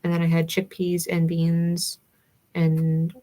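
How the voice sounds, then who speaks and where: A woman's voice: lowish voice, completely flat delivery, slow pace, mellow. A young adult woman with a Southern US accent, chatting casually with livestream viewers in a rambling, giggly way with lots of fillers. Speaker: livestream host.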